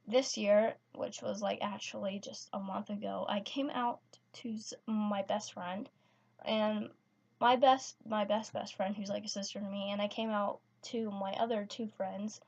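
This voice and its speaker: A teenage girl tells a personal story in a vlog, her mid-range voice unhurried and fairly flat in pitch. She hesitates, restarts often, and leans on fillers, and the recording sounds slightly dull and lo-fi.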